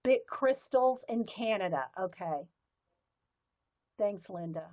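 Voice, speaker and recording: A woman's voice: mid-range voice, expressive, slow, darkish tone, no echo, rough recording. A woman, chatting casually on a live stream while sorting and showing her pens. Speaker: livestream host.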